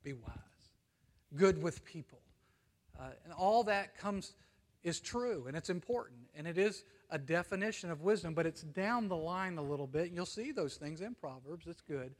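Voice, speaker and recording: An American man preaches from the pulpit in an earnest, emphatic way, his slightly high voice swelling on key phrases and then sinking to a near hush. The long reverb of a church sanctuary trails behind every word. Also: animated, moderate pace. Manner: earnest, swings between emphatic and hushed, frequent "you see?". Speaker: pastor. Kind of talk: sermon.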